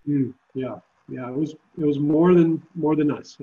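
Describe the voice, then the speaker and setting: A man's voice: a little high, moderate pace, phone-quality sound. A man who leads a Christian summer camp, speaking earnestly and reflectively in an interview. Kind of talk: podcast interview.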